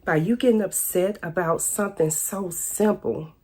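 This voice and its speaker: A woman's voice: fairly low pitch, moderate pace, mellow, slightly rough. A woman in her forties telling her side of a painful family story in a candid, pointed, repetitive way, her speech loose and informal. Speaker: speaking out about her ex-husband. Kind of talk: emotional personal testimony.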